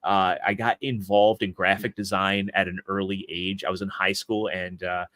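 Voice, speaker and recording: A man in his thirties, a guest on a casual podcast, telling stories about his life in a rambling way and often restarting his sentences. His voice is fairly low, and the sound is dry and close. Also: little pitch movement, normal speed, a bit bright, no echo. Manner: rambling storyteller with frequent restarts. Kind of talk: casual interview chat.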